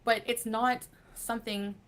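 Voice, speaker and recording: A woman's voice: on the high side, level tone, measured pace, fairly bright tone. A woman rambling defensively while chatting on a livestream.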